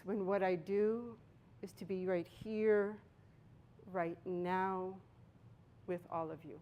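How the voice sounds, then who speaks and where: Speaking at medium pitch with a touch of mellowness, a Toastmasters member from Boston, USA presents a prepared speech. She narrates it like a story and uses pauses for emphasis.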